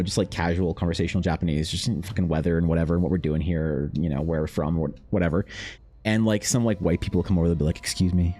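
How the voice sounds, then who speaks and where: Low-voiced man swearing through casual stories. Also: dark tone. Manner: rambling, profane, storytelling, many restarts. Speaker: artist streamer. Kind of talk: casual chat while drawing.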